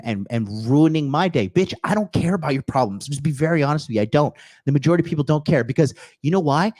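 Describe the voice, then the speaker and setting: A man hosting a podcast, giving a blunt, crude, animated motivational rant full of swearing and acted-out quotes. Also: medium pitch, no room sound. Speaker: podcast host. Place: apartment or home in Tokyo.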